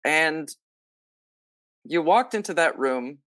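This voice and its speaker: A man, a stage actor, telling a story in a casual interview, lively and acting out what others said, with lots of filler "like"s. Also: a little high, slow, no echo, clean studio sound. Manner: animated, acts out quoted lines; many filler likes. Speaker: musical theater actor, guest.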